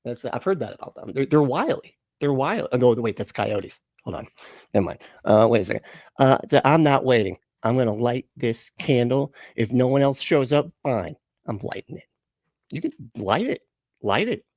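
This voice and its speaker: A man's voice: medium pitch, animated, moderate pace, darkish tone, no room sound, clean studio sound. A man hosting a live stream in casual chat, greeting viewers with rambling, chuckling, self-correcting asides.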